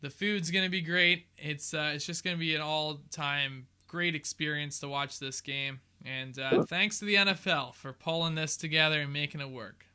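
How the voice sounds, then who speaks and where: Man, co-host, casual sports banter, joking, high-pitched, very clear. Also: steady tone, moderate pace, hardly any pauses, bright, forceful tone.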